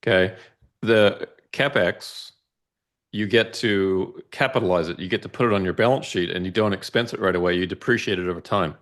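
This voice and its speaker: A man with a fairly low voice explains financial charts in a methodical, conversational way. He steps through each figure carefully and often checks in with a quick "right?". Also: a bit bright. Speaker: investment analyst guest. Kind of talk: casual financial discussion walking through charts.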